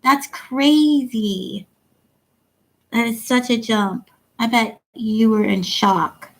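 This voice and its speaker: A woman's voice: a little high, fairly even intonation, slow pace, poor audio. A woman hosting a casual livestream chat, reading viewer comments aloud and laughing often. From Ohio. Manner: chatty, giggly, reads comments aloud. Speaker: livestream host.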